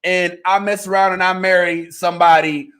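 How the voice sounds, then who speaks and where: A man co-hosting a podcast in casual chat, animated and joking around. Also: sits high, normal speed, clean tone. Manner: animated, slips into mock voices and jokes. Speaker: podcast co-host.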